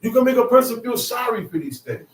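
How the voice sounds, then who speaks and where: A man preaching a sermon in a casual, conversational way, now and then rising to shouts for emphasis. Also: extremely high pitch, big pitch swings, quick pace. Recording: roomy, mic at a distance.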